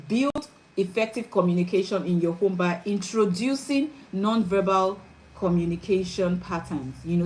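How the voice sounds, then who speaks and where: A woman's voice: medium pitch, darkish tone, slight background noise, poor audio. A middle-aged woman, a parenting coach, giving an earnest and emphatic teaching talk and often checking that listeners follow.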